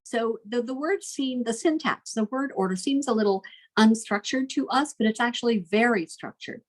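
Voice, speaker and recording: A woman teaching a recorded literature lesson from home, reading verse aloud slowly and then explaining it in plain, chatty asides. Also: on the high side, poor audio.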